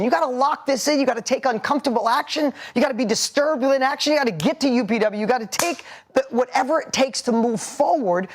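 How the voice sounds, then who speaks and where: A man in his forties giving a motivational seminar talk, punchy and emphatic, hammering points with repetition. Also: extremely high pitch. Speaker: motivational speaker.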